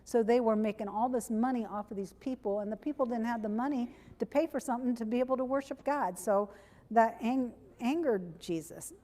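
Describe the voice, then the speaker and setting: A woman's voice: a little high, brisk, dark tone. A woman giving a sermon in a conversational, plainspoken way, often correcting herself mid-sentence. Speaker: preacher. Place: church sanctuary. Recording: long church reverb.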